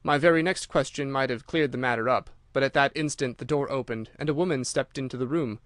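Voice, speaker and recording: Guy narrating an old detective audiobook, even steady reading, dry close mic. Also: medium pitch, no room sound. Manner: measured, steady storytelling. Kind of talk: scripted narration.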